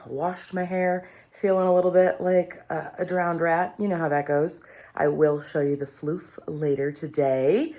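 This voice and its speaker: A woman vlogger in her thirties talks straight to her camera at home, chatty and upbeat as she catches her viewers up. Her voice sits a little low for a woman. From Colorado. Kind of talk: casual vlog chat.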